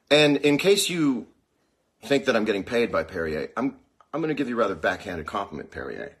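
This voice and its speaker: A man's voice: mid-range voice, slight background noise. A man hosting a casual livestream, rambling and joking through a monologue with a sore mouth. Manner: rambling, jokey and animated. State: sore mouth after dental problem. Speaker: host. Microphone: phone.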